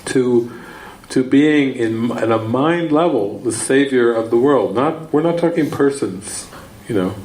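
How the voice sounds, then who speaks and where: A man's voice: mid-range voice, unhurried, a little mellow. A man giving a spiritual teaching talk, telling a story and repeating words for emphasis. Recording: echoey room, faint ambience.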